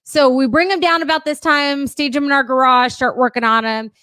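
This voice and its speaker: A woman's voice: high voice, steady tone, brisk, bright, forceful tone, no room sound. A young woman, co-hosting a casual chat while mixing a cocktail, bawdy and giggly and swearing freely. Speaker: co-host.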